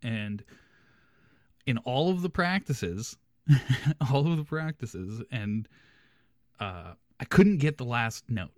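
Young male podcast host, casual storyteller, animated, close dry mic. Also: mid-range voice, slow pace, long pauses, no room sound. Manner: animated, laughs through his story.

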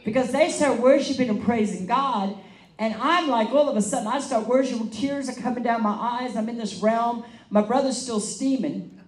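A woman evangelist telling a story in a sermon, animated and laughing as she acts out the quotes. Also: on the high side, moderate pace. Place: meeting hall. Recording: echoey room, mic at a distance.

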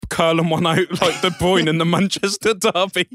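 A man's voice: sits high, flat delivery, normal speed, fairly bright tone, dry recording, clean studio sound, faint music behind. A young man co-hosting a comedy podcast, firing off cheeky, crude jokes. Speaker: podcast co-host.

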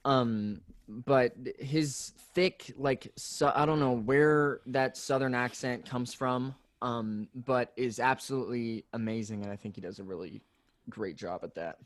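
A man in a casual podcast chat, recorded dry and close with no room sound. He talks in a relaxed, agreeable way and often hesitates on "uh" and "um". His pitch is ordinary and middle. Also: a little slow, few pauses, no room sound. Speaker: podcast co-host.

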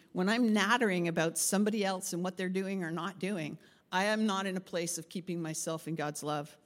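A woman pastor giving a chatty, interactive sermon and asking the group questions. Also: mid-range voice. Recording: long hall reverb.

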